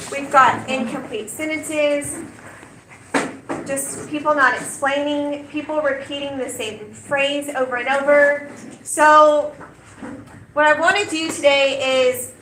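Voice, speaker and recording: A woman teacher, leading a class in a brisk, direct way and often checking in with "okay?". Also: high voice, bright, forceful tone. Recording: roomy and noisy classroom, picked up from a distance.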